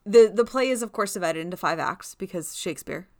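A woman's voice: mid-range voice, brisk, no room sound, studio quality. A woman co-hosting a podcast in casual chat, telling stories and acting out quoted lines. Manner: animated storyteller, acts out quoted lines. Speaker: podcast co-host.

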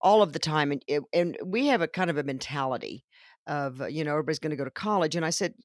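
A woman's voice: low voice, fast, no echo, studio quality. A woman, a school guidance counselor, talking earnestly about students in an interview. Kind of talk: casual interview talk.

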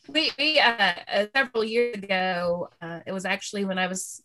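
A middle-aged woman in casual chat, telling a story with halting restarts and giggles. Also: mid-range voice, fairly even intonation, sharp tone, slight background noise.

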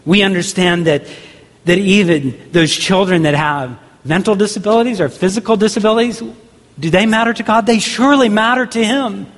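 A man's voice: high-pitched, normal speed. A man pastor preaching a sermon earnestly, with repeated rhetorical questions. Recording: long hall reverb.

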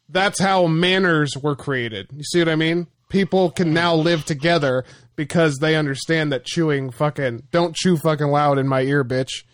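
A man from Florida in a casual podcast chat, profane and quick to laugh, rambling through stories. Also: a little high, no echo, studio quality.

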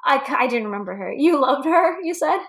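A woman's voice: sits high, lively intonation, fairly quick, a bit bright. A woman co-hosting a casual movie chat, blunt, laughing often and swearing freely. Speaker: podcast co-host.

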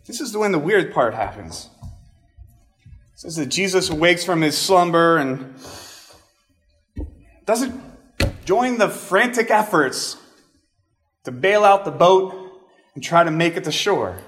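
High-voiced man preaching casually. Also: expressive, takes it slowly, long pauses, fairly bright tone, faint music behind. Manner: casual, chatty asides with fillers like "like" and "I mean". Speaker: pastor. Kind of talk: conversational sermon.

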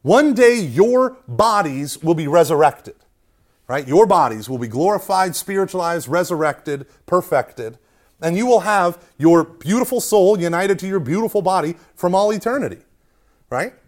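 A man's voice: sits high, normal speed. A man teaching an informal Catholic Bible class, joking often and checking in with "right?" after his points. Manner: animated, joking, keeps asking "right?". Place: hot meeting room with a live class.

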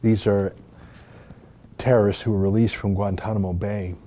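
A man from Canada delivers emphatic, indignant commentary to camera. His voice is very dark and mellow and sits a little low, and he presses his points with rhetorical questions. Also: little pitch movement, moderate pace. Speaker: host and commentator.

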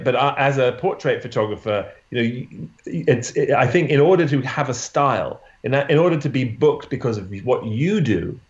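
A man who is a portrait photographer, telling a story in an interview, halting often with restarts and "you know" fillers. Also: mid-range voice, echoey room, muffled recording.

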